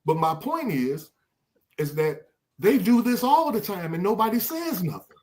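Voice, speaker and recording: Animated older man hosting a podcast. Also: high-pitched, measured pace. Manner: animated, repeats words when searching for a thought. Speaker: podcast host. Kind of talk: casual podcast discussion.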